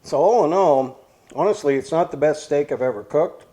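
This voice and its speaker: A man's voice: on the high side, normal speed, dark tone. A man hosting a casual cooking vlog, talking plainly and thinking aloud as he goes. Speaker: cooking channel host.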